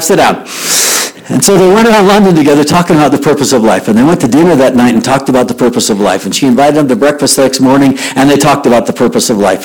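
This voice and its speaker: A man's voice: mid-range voice, darkish tone, slightly rough, poor audio. A middle-aged man telling stories in a devotional youth talk, acting out the voices of the people he quotes.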